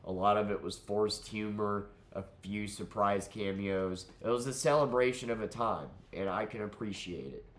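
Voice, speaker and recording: Stuffy-nosed man with a very deep voice. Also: normal speed, hardly any pauses. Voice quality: nasal. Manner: rambling and candid, with many fillers and restarts. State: under the weather, stuffy-nosed. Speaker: channel host reviewing a film. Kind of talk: casual spoken review.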